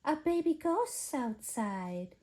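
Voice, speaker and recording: A woman voicing a calm cat who gives clipped advice in a low voice. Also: takes it slowly, heavily acted. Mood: drowsy. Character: calm, terse female cat.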